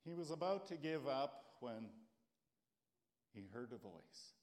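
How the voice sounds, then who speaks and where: A man's voice: slow, long pauses. A man in his sixties preaching a folksy sermon as pastor. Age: 60s. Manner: folksy, warm storytelling with lively pitch.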